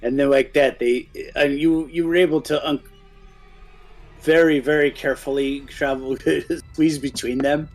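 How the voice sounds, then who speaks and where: A man narrating as game master in a relaxed, chuckling, rambling manner. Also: on the high side, unhurried, faint music behind.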